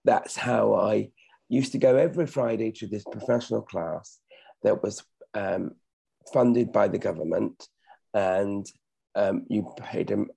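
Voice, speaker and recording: A middle-aged man chats modestly as an interview guest in a low, gravelly voice. His tone is dark and a little husky. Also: a little slow. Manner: modest, chatty, self-correcting. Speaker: actor and podcast guest. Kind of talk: casual interview talk.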